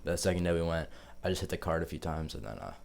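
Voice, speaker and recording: A young man with a very low, deep voice tells a story straight to camera. He rambles loosely, swears often and leans on filler words, in a relaxed vlog manner. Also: rapid-fire, gravelly. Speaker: vlogger.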